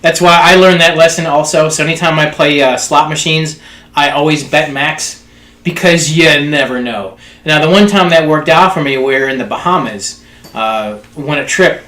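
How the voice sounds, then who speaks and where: A man co-hosts a casual podcast and spins an easygoing, jokey story. His voice sits a little high. The room around him rings with echo. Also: moderate pace, sharp tone. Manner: laid-back, jokey, mimics other people's voices in stories. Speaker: podcast co-host. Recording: echoey room.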